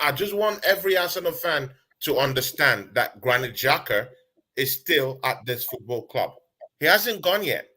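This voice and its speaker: A man co-hosting a casual football chat, emphatic but hesitant, with many fillers and restarts. His voice is bright and forceful. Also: mid-range voice. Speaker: co-host of a football podcast.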